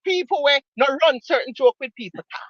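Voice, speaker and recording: A woman's voice: sits high, a little fast, no echo, dull audio. A woman with a Jamaican accent giving casual commentary, emphatic and mocking, repeating her points for effect. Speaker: online commentator.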